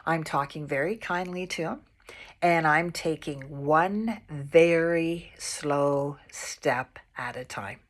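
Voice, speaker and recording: Low-voiced woman telling a personal story. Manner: calm, unhurried, repeats phrases. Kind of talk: personal spiritual anecdote.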